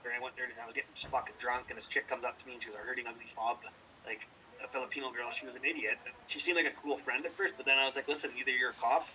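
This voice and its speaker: A man's voice: medium pitch, steady tone, racing, bright, forceful tone, far from the mic, slight background noise, rough recording. A young man co-hosting a podcast, telling a rambling story in casual chat, profane and heated. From British Columbia, Canada. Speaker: podcast co-host.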